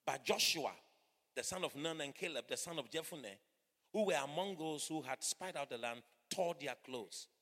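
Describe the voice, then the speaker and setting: Male pastor, middle-aged, bright cutting voice, fervent sermon that drops low then shouts, long hall reverb. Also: lively intonation, normal speed. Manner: fervent preaching that swings from hushed to shouting. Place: church hall.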